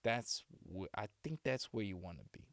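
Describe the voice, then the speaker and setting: A young man, a streamer and voice actor, is signing off a livestream from his home setup, thanking viewers in a rambling way with lots of restarts. He's practicing a Boston accent that he's putting on. His voice is fairly low, expressive and fairly bright, at a moderate pace with no echo.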